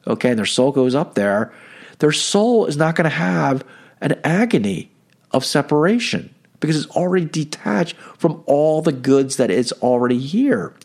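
A man's voice: a little high, expressive, normal speed, creaky, a little mellow. A middle-aged man giving a conversational teaching talk on Catholic faith, full of "you know" and "okay.". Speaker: Catholic speaker.

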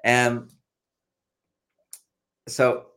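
A man telling a personal story casually as a podcast guest, animated and laughing, acting out quotes in a raised voice. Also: medium pitch, drawn-out words.

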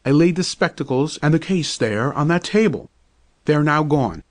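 A man's voice: a little high, animated, moderate pace, lightly acted. A man reading aloud and voicing a pompous, irritable doctor who talks in a stiff, indignant, lecturing way. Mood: insistent. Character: pompous irritable male doctor, middle-aged.

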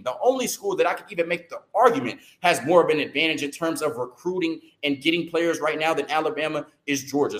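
A man hosting a sports commentary show, worked up and firing off rhetorical questions. His voice sits a little higher than most men's. He records in a noticeably echoey room. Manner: heated, rhetorical, keeps asking "right?"; talks fast and stumbles when excited. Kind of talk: opinionated sports commentary rant.

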